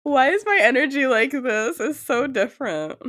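A young woman co-hosting a casual podcast, hoarse from a cold, swearing and joking freely. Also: sits high, animated, normal speed, fairly bright tone, no echo. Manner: profane, joking, laughs often. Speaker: podcast co-host.

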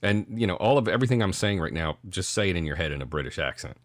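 A middle-aged man co-hosting a podcast, telling stories in a casual, profane, animated way. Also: low-pitched, fast talker, no room sound, clean studio sound. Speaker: podcast co-host. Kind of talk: casual chat.

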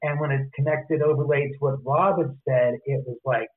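A man telling stories as an interview guest, lively, acting out the voices of people he quotes. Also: medium pitch, moderate pace. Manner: animated, acts out quoted voices. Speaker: author and guest. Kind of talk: casual storytelling interview. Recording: tinny phone-line audio.

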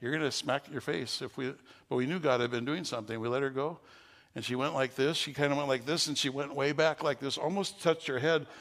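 A man's voice: medium pitch, fairly quick. A man preaching as a pastor, telling a story to his congregation and leading prayer. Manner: storytelling, growing loud and excited at the climax. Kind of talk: sermon.

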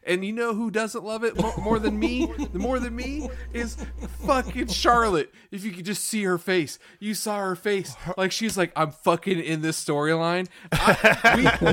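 A man with a somewhat higher voice, ranting about wrestling on a casual podcast. He sounds exasperated and swears heavily, talking plainly and directly. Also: a bit bright. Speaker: podcast co-host.

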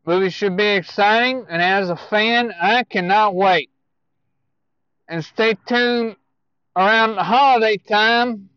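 A man giving casual movie news to viewers, speaking in a halting way with self-corrections and asides. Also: sits high, smooth, no room sound, highs cut off.

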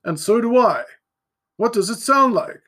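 A man reading aloud and voicing a bold middle-aged man who gives urgent, shouted orders. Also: very high-pitched, expressive, measured pace, voice pushed up, exaggerated voice.

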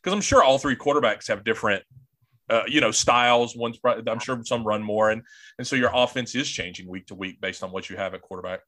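A man's voice: medium pitch, quick pace, fairly bright tone. A man hosting a podcast, talking casually with many restarts and a deferential tone. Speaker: podcast host.

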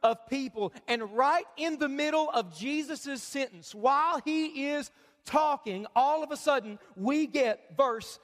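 A man with a very high voice preaches a sermon in a church auditorium. He keeps it conversational and joking, drawing the crowd in to read along. Long reverb from the hall hangs on his words. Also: unhurried, fairly bright tone. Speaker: pastor.

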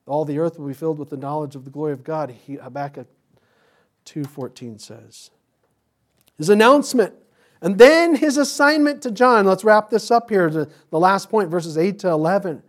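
Pastor preaching with lively asides. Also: male voice, on the high side, moderate pace. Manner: conversational preaching with humorous asides and sudden bursts of excitement. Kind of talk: sermon.

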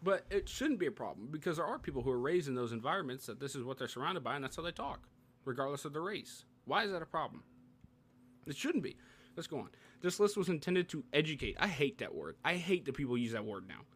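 Animated young man arguing on a podcast. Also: on the high side, quick pace, breathy edge. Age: young adult. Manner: animated, reads from a page and argues back. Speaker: podcast co-host. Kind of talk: casual podcast chat.

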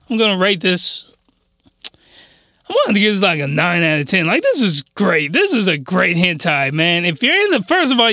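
A man's voice: sits high, sharp tone, no room sound. A man hosting a casual joking review vlog, rambling and cutting himself off, speaking in a put-on fake accent as a mock persona. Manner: rambling, self-interrupting, playing a mock persona. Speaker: video reviewer.

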